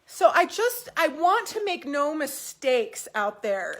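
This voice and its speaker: A woman's voice: high voice, very animated, slow pace, few pauses, fairly bright tone. Upbeat woman chatting at home. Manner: upbeat, encouraging, rambling with fillers. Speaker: doll collecting vlogger. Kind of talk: casual talk to camera.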